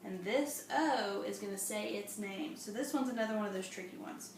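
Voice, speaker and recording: A woman teaching an early reading lesson to young children, with a slow, patient and encouraging classroom tone. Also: mid-range voice. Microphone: camera a few steps away. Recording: echoey room from a distance, faint hum.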